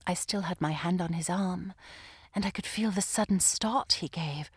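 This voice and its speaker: A woman narrating an audiobook in the first person, with an expressive, lively delivery. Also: lowish voice, normal speed, slightly rough, no echo, clean studio sound. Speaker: audiobook reader. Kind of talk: scripted narration.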